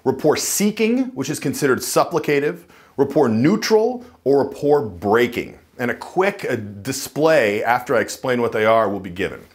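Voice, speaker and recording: A man coaching viewers to camera, speaking emphatically and dropping into a low chest voice to demonstrate. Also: big pitch swings, moderate pace. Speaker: dating and voice coach. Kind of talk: instructional talk to camera.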